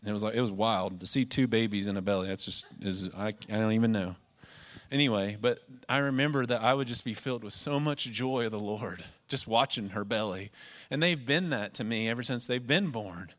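A man's voice: lowish voice, fairly quick, a bit bright. Male pastor, earnest emotional sermon delivery, repeats key phrases.

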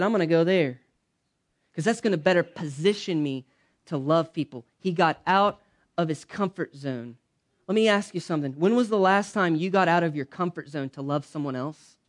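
A man preaching a conversational sermon in a church, punching some lines loudly and dropping others to a soft, low aside. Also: moderate pace. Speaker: pastor.

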